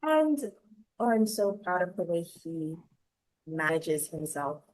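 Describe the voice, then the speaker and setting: A woman's voice: on the low side, sing-song, takes it slowly, a little mellow, rough recording. A woman hosting a podcast, chatting casually, affirming her guest and sharing personal stories. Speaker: podcast host. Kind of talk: casual conversational talk.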